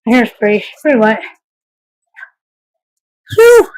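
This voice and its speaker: A woman talks into her phone on a live stream from a rainy yard, frazzled and venting. Her voice sits high and she swears freely between casual asides to her viewers. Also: slight background noise, low-quality recording. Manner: frazzled, swearing, quick to vent. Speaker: livestreamer. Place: outdoors in a yard in the rain.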